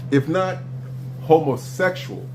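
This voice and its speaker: A man hosting a live stream, lecturing bluntly with profanity and sharp swings in pitch during a heated argument. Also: animated, slow, slight background noise.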